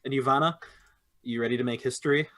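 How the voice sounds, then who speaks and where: A man's voice: medium pitch, fairly even intonation, quick pace, a bit bright. A young man playing a tabletop game, chatting casually and often stopping to correct himself. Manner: hesitant, self-correcting. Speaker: player.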